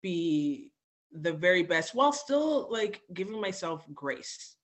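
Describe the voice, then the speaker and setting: A woman guest on a podcast, telling personal stories in a candid, animated way with frequent fillers. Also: fairly low pitch, slow. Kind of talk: candid conversational storytelling.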